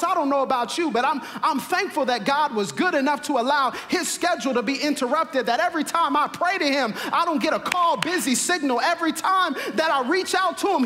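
Male pastor, high and forceful, preaching with driving repetition, long reverb in the room. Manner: preaching with rising, emphatic repetition. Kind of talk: sermon. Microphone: camera mic, livestream to viewers.

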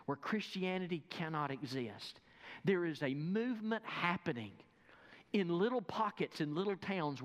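A man delivers a sermon in a high, lifted voice. He speaks emphatically and addresses his listeners directly. His words carry a long echo through a large church hall. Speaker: preacher.

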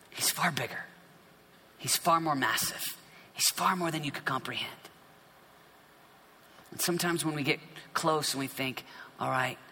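A man's voice: medium pitch, pushed and bright. A man preaching a sermon, reading scripture dramatically with playful asides and sudden drops to a whisper. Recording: echoey hall reverb.

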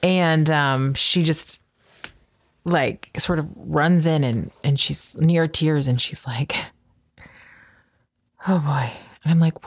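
A woman co-hosting a podcast, telling a story in casual chat, animated and laughing, acting out the voices she quotes. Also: deep voice, slow. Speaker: podcast co-host.

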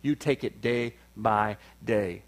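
A male pastor, preaching a sermon, swinging from loud, high peaks down to low, quiet stretches and calling for "amen" from the room. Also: takes it slowly. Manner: call-and-response preaching, rises to loud peaks then drops low.

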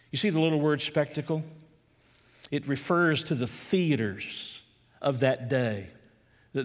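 A male pastor preaching a sermon, firing rhetorical questions and swinging between loud emphasis and hushed asides. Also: on the high side. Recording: long reverb of a large hall.

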